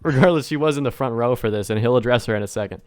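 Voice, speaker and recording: A man co-hosting a wrestling podcast, chatting in an animated, joking way and slipping into mocking impressions. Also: mid-range voice, rapid-fire. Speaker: podcast co-host. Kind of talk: casual chat.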